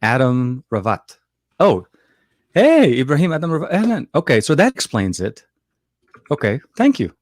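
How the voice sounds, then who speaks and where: A man's voice: medium pitch, wildly swooping pitch, normal speed, long pauses, a little mellow, no echo, clean studio sound. A man co-hosting a casual tech chat, rambling with many fillers and restarts. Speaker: co-host.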